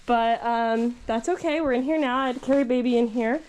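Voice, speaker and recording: A woman's voice: a little high, brisk, a little mellow. Doting ranch woman in a barn. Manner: doting, chatty, gushing. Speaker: ranch owner. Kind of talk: casual vlog narration. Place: horse stall in a barn.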